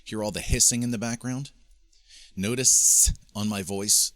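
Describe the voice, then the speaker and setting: This man's voice sits on the low side, with a fairly bright tone and a moderate pace, recorded dry. He's making an instructional video demo at a home studio with a mixing board, casually coaching speakers on mic technique step by step while trading off handheld microphones.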